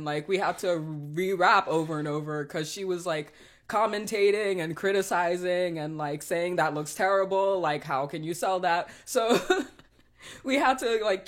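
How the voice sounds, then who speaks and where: A woman's voice: on the low side, unhurried. Young woman rambling thru a work story, lots of likes and giggles. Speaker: podcast guest telling work stories. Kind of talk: casual chat.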